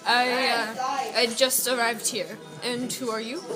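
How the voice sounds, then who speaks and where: A woman voicing a grumpy, unimpressed young male character in a tabletop game, flat and wary. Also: a little high, measured pace, over loud music, natural voice. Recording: noisy room with loud crowd.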